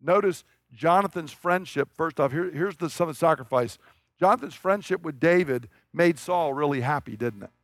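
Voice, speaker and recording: A male preacher with a high-pitched voice delivers a sermon like a chat, telling the story and tossing out rhetorical questions. The sound is dry and close, with no room echo. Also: lively intonation, normal speed, fairly bright tone.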